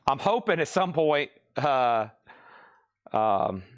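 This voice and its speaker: A man's voice: medium pitch, sing-song, slow pace. A man with a Southern US accent hosting a live record sale, chatting in a rambling, easygoing way and laughing often. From American South. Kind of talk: casual live-stream selling chat.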